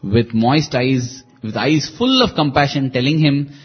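A man's voice: medium pitch, expressive, unhurried, slightly rough, lo-fi sound. A man telling a devotional story in an earnest, reflective way, with sudden lifts in his voice. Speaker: devotional speaker.

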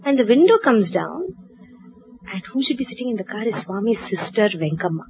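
A woman from India, telling a personal anecdote in a lively way, acting out dialogue and laughing at herself. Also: mid-range voice, fairly quick, dull audio, a little hiss or hum. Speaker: storyteller. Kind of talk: personal anecdote told to an audience.

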